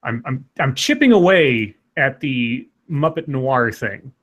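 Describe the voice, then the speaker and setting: A man's voice: medium pitch, very animated, a bit bright. A man co-hosting a casual livestream, reading out donations and stammering often. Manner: stammering, quick to laugh.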